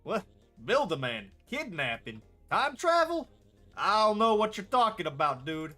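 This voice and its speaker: A man's voice: sits high, big pitch swings, measured pace, soft background music, pitched above the performer's own voice, full character voice. A man doing a brash New York tough guy. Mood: suspicious. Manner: brash, mocking, loud outbursts. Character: gruff suspicious male hotel guest, streetwise tough.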